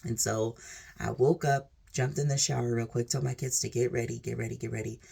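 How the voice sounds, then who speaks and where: Gravelly, husky woman telling her story. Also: a bass voice, fairly even intonation, fairly quick, warm tone. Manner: earnest, rambling, heavy use of "like" and "literally". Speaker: vlogger sharing a personal testimony. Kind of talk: emotional personal storytelling.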